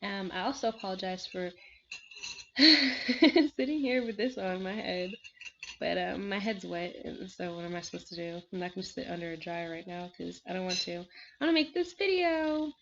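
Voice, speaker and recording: A woman's voice: mid-range voice, expressive, normal speed, background noise. A woman reviewing a reality show in casual chat at home, seated, rambling with many fillers, with frequent laughs and sighs. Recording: slightly dull lo-fi recording.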